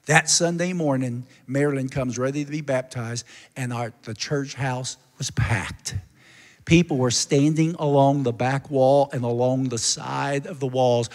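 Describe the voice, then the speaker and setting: A man's voice: mid-range voice, steady tone, measured pace, darkish tone. A male pastor telling a story in a sermon, earnest and narrative, building to a fervent call to the congregation. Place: church sanctuary. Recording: long church hall reverb.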